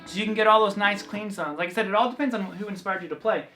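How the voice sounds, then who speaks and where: Fast and fairly high-voiced, this Southern guitar teacher from the American South rambles casually through a vlog lesson. His Southern American delivery is chatty and loose, packed with fillers and restarted sentences.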